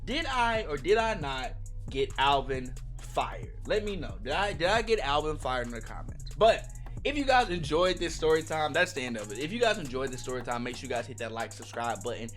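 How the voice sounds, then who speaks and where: A young man telling a casual storytime to his viewers, slangy and animated, talking straight to the audience. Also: a little high, a little fast, faint music behind. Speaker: storytime vlogger.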